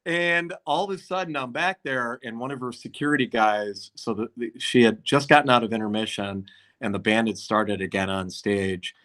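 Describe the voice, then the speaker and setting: Speaking at normal speed in a fairly low voice, a man who promotes concerts recounts anecdotes in an easygoing podcast chat. He tells them animatedly and voices what others said in character.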